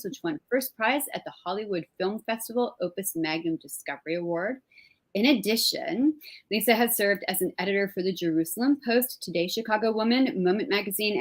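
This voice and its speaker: A woman from New Jersey hosting an interview over a video call, light-voiced and gushing, with many "like" fillers. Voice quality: light, high voice. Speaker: host. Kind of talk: conversational interview.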